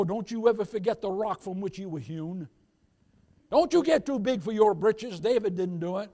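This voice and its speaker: A man preaching a sermon as pastor, reading scripture slowly and rising to loud calls for amen. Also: sits high. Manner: reads scripture slowly in King James wording; jokes with the congregation and laughs.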